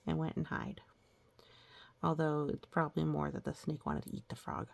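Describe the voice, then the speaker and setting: A woman reading old children's rhymes aloud, stopping to gently explain the lessons and pictures. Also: low voice, flat delivery, normal speed, creaky.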